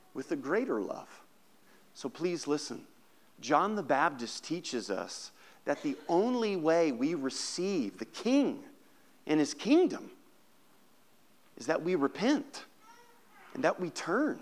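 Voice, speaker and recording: Man preaching with loud rising peaks. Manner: preaching, rising loud and high on key points, dropping soft and low when telling a story. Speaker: pastor. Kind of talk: sermon.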